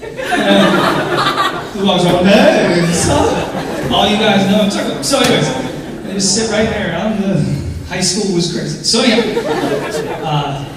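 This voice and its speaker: A man giving a lively talk to an audience, telling stories and laughing often at his own jokes. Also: sits high. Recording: echoey hall, voice from far off, noisy.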